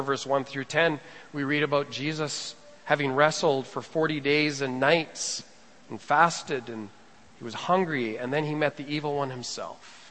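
A male pastor preaching a sermon, swinging between hushed lines and raised emphatic ones as he acts out scripture. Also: a little high. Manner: rising and falling preaching delivery, quotes scripture dramatically. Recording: long reverb of a large hall.

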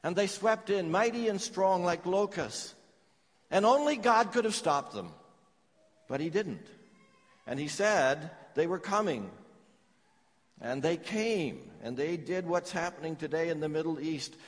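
A middle-aged man preaching a sermon, swinging from loud declarations to hushed, heavy phrases. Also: on the high side, expressive, a little slow, long reverb tail. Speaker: pastor.

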